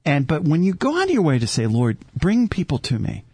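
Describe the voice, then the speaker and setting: A male host leads a faith conversation in a preacherly manner, full of rhetorical questions. His slightly high voice rises and falls with wide, lively swings. The recording is dry and close. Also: brisk, husky, dry recording. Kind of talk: casual faith talk.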